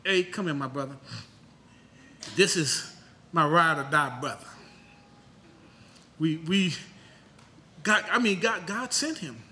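A man preaching a sermon as pastor, asking rhetorical questions and breaking into loud high bursts. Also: animated, slow pace, pauses often.

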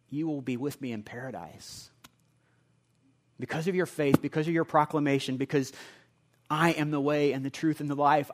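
A man preaching a sermon, earnest and conversational, moving between quiet reflective passages and emphatic repeated lines. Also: a little high. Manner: earnest, builds from quiet asides to emphatic repetition. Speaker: pastor.

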